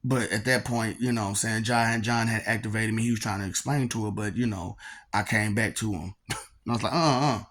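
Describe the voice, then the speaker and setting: A man's voice: fairly low pitch, steady tone, fairly quick, a bit bright. A man telling a personal story in a casual, rambling way. He laughs often and keeps repeating filler phrases.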